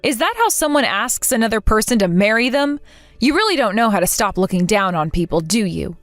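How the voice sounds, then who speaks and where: A woman's voice: medium pitch, lively intonation, a little fast, no echo, faint music behind, close to an everyday voice. A woman voicing a hurt but determined young bride, speaking earnestly and emotionally, in a dramatized text story. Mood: cold.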